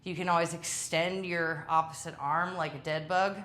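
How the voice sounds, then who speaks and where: Coaching a home workout class live, this woman talks at normal speed in a steady, fairly bright tone from a lowish voice. She's chatty, pokes fun at herself and sounds worn out from the exercise.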